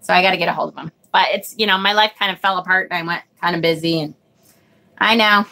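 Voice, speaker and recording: A woman's voice: on the low side, fairly even intonation, fast, sharp tone. A woman hosting a live tarot stream, chatting casually and reading viewers' comments, often sidetracked and swearing casually when annoyed. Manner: chatty, scattered, frequently sidetracked. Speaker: tarot livestream host.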